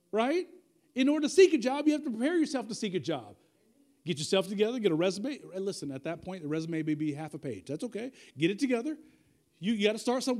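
A male pastor preaches with a high voice that swings widely in pitch, rising for emphasis and dropping low for quiet asides. His tone is mellow and warm. He talks conversationally and repeats key lines to drive them home. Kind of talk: sermon.

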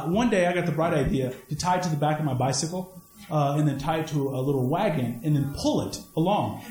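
A man preaching a sermon, mixing personal stories with scripture, swinging between high emphatic lines and low asides. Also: a little mellow, reverberant. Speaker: pastor.

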